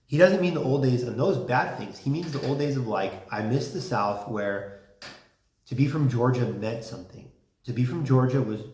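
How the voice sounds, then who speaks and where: A man's voice: medium pitch, darkish tone. A man giving a casual classroom lecture, talking conversationally with many fillers and restarts. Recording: roomy classroom sound.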